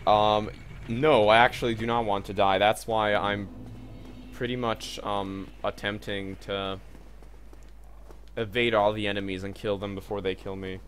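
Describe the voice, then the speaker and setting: A man's voice: lowish voice, little pitch movement, a little slow, a bit bright, a little hiss or hum. A young man streaming a video game, chatting casually with viewers in a loose, joking way, swearing and filling gaps with "like" and "um". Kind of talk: casual live-stream commentary.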